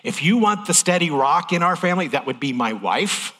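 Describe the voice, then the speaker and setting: A man's voice: on the high side, big pitch swings, brisk, bright, forceful tone. A middle-aged man preaching a sermon in a folksy, candid, emotional way. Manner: folksy, transparent, emotional delivery.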